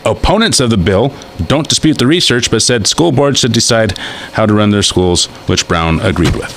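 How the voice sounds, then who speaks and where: A man's voice: fairly low pitch, expressive, normal speed, fairly bright tone, a little hiss or hum. A man hosting a radio talk show, chatting loosely and reading news items aloud with stumbles and restarts.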